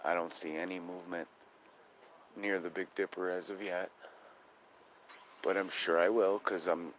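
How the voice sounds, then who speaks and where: A man's voice: low-pitched, moderate pace, slight background noise. A man hosting a live night-sky watching stream outdoors, chatting with viewers and swearing often. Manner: profane, excitable, talks to chat viewers. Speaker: skywatch livestream host. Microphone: phone.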